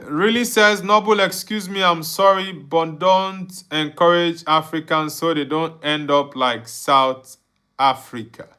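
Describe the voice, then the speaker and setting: A man's voice: fairly high pitch, fairly even intonation, measured pace, pushed and bright, clear, resonant tone. A young Nigerian man hosting a live football watchalong, reading viewer comments aloud and bantering with frequent laughs. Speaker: livestream host.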